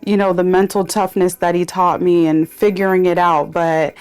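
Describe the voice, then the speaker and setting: A young woman who owns a spa, telling stories in a casual, animated chat and laughing easily. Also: on the low side, normal speed, clear, resonant tone. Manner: animated storytelling, bursts of laughter. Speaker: spa owner and podcast host.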